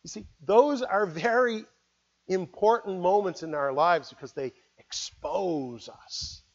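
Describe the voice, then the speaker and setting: A man preaching a sermon, earnest, moving between loud appeals and hushed, quiet words. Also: high-pitched, slow pace, lo-fi sound. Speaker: pastor.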